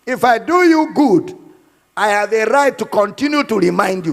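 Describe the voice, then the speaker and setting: Man, pastor, emphatic sermon, high voice, long hall reverb. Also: animated, moderate pace, vocal fry. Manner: emphatic preaching, repeats lines. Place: church hall.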